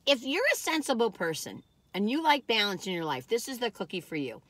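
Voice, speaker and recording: Woman vlogger, bright and lively, folksy rambling chat in a dry car interior. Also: a little high, a little fast, no echo. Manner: folksy and chatty, drifts off topic. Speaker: vlogger reviewing cookies. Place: parked car.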